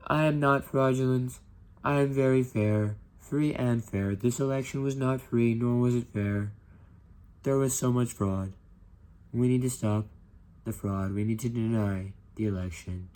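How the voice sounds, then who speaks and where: A man putting on an impression of a boastful older male politician, speaking slowly, emphatically and repetitively. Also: mid-range voice, a little mellow, close to an everyday voice. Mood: indignant.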